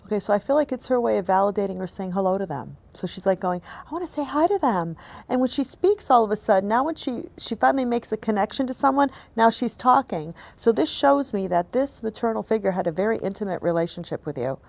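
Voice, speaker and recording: A woman hosting as a psychic medium, giving a reading in a gentle, apologetic, emotional way that often drops to a soft hush. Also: medium pitch, fast talker, gravelly, hardly any pauses.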